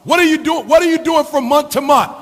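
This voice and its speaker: A man's voice: very high voice, a little fast, a bit bright. A middle-aged man giving a motivational speech, preaching with a sing-song rhythm and piling up rhetorical questions. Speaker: motivational speaker. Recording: long hall reverb.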